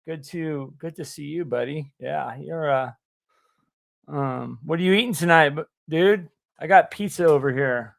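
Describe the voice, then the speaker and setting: Male livestream host, slightly high voice, casual, halting delivery. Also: creaky. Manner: halting, full of fillers and restarts.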